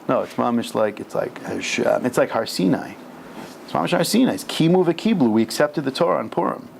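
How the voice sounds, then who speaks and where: A man's voice: mid-range voice, gravelly, darkish tone, slight background noise. A man teaching an informal Torah class, talking casually and animatedly with slang and Hebrew terms mixed in. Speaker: rabbi teaching a weekly class. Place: synagogue lower-level room.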